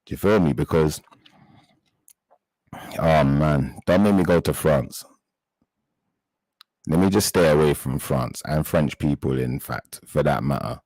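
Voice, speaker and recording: A man with a very deep, low voice hosts a live chat and speaks straight to his viewers. He sounds indignant and halting, often stopping to search for words. The recording is dry and close, with little sound of the room. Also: a little mellow, dry recording, rough recording. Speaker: live stream host.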